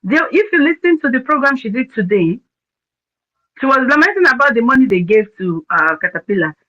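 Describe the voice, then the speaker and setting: A woman's voice: fairly high pitch, big pitch swings, a little fast, pushed and bright. Fiery woman on lo-fi audio. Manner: emphatic, repeats words for force. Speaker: speaker on an audio chat room. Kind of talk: impassioned commentary.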